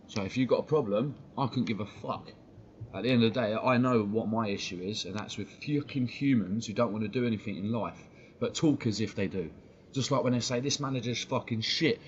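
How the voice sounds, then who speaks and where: A man's voice: medium pitch, a little mellow. Sweary man ranting on stream. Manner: heated, sweary, fast-talking rant. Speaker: fan channel host. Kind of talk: ranting live-stream commentary. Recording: dull lo-fi stream audio with faint noise.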